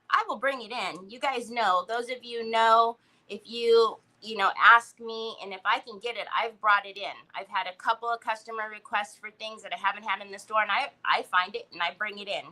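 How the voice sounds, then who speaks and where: A woman's voice: on the high side, sharp tone, rough recording. A woman hosting a casual craft livestream, greeting viewers by name and laughing often. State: recovering from a headache.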